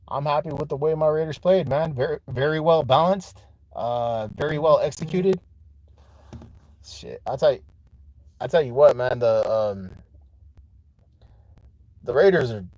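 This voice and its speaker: A man hosts a casual live chat on a phone held in his hand, talking straight to his viewers and swearing a lot. His voice is a little high and a little mellow with no room sound, and his mood shifts from frustrated to hyped.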